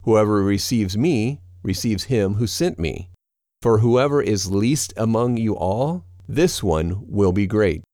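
A man voicing a calm, authoritative teacher, speaking in a measured and solemn way. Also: on the low side, no room sound, studio quality.

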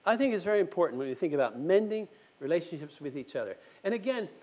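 Speaking quickly in a very animated voice that sits on the high side with a darkish tone, a church speaker who just had a tooth pulled gives an earnest, conversational sermon at a meeting. He talks directly to his listeners, posing questions to them, in a rough recording.

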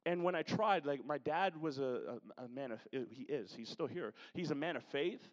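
A man's voice: a little high, lively intonation, normal speed. Man preaching in a reverberant church. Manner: conversational, joking asides to congregation. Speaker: pastor. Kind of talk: sermon. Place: church sanctuary. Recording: long hall reverb.

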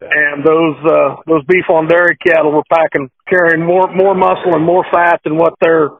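A folksy man from Nebraska talking cattle in a casual, rambling way, repeating himself as he goes. His voice sits high for a man and comes over a thin, phone-like line. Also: little pitch movement, normal speed. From Nebraska, USA. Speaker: cattle breeder, podcast guest. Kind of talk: casual phone interview and joke telling.

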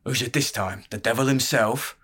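A man voicing a greedy, wary old male barkeep who talks gruffly and says "aye". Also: mid-range voice, normal speed, fairly bright tone.

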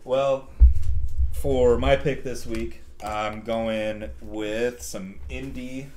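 A man co-hosting a music podcast in casual chat, joking around, swearing freely and getting animated. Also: mid-range voice, drawn-out words, slight background noise. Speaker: podcast co-host.

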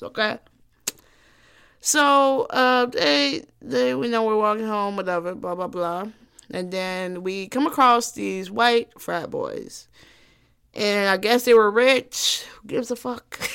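A woman's voice: medium pitch, clean tone. A young woman hosting a solo podcast, telling a story in a blunt, profane, emphatic way. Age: young adult. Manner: animated storytelling. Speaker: podcast host. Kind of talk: casual solo podcast monologue.

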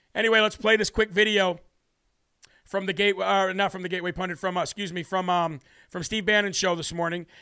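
A man's voice: sits high, bright, forceful tone, clean tone, no echo. An American man hosting a political talk show, brashly ranting and heatedly mocking officials with opinionated commentary.

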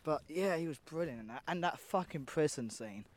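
A man's voice: fairly high pitch, lively intonation, moderate pace, slight background noise. A young man co-hosting a podcast, rambling and swearing casually as he talks through scenes, often trailing off mid-sentence. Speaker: podcast co-host. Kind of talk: casual chat.

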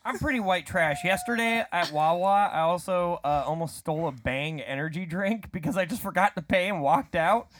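A man's voice: sits high, animated, moderate pace, few pauses, a bit bright, a little hiss or hum. A man chatting casually, joking and poking fun at himself. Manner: joking, self-mocking. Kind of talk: casual chat.

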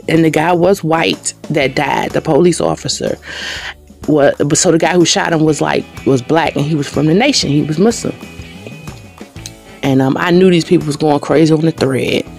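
A middle-aged woman hosting a podcast, telling a story in a casual, animated way and jumping high in pitch when she gets worked up. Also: moderate pace, vocal fry, soft background music. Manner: animated, swings to high excited pitch when retelling anger. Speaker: podcast host.

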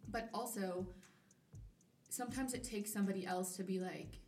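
Speaking at a moderate pace in a mid-range voice, a woman in her twenties, a college student guesting on a podcast, shares her story frankly and conversationally, animatedly quoting herself. The recording sounds roomy, with a slightly distant mic and a little hiss or hum.

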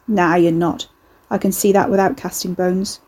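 A brash troublemaker who leers and mocks in a rough Cockney accent, as a woman reading a storybook puts him on. The tone stays mellow and a little husky. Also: on the low side, flat delivery, normal speed, close to an everyday voice. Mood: taunting. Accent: put-on Cockney. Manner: taunting, brash, leering. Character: leering, mocking British man, troublemaker.

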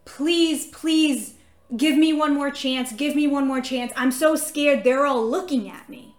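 A woman's voice: mid-range voice, fairly even intonation, a little fast, a little mellow, natural voice. A woman voicing a frightened teenage girl who pleads and repeats herself, recorded in an echoey room. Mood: pleading, scared.

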